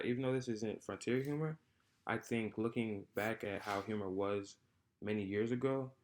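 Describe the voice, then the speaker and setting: A young man with a fairly low voice talks through a class presentation off the cuff. He hesitates often, fills gaps with "um" and "uh," and restarts phrases as he goes. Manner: unscripted, hesitant, with frequent fillers and repeated phrases. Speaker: student presenter. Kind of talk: spoken class presentation on comedy.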